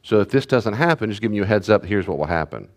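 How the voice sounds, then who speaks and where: A man's voice: on the low side, animated, rapid-fire. A middle-aged man, a pastor, teaching parents in a conversational way, repeating key phrases and acting out parent and child voices. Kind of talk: teaching talk to a church group.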